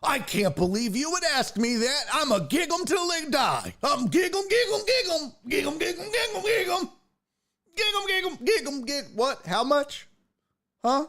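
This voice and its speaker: A shrill, indignant college baseball coach, as a man impersonates him, yelling his protests and breaking into a sing-song chant. The voice swoops far up and down while it huffs. It sounds mocking and exaggerated. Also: sing-song, moderate pace, exaggerated voice. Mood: frantic chanting.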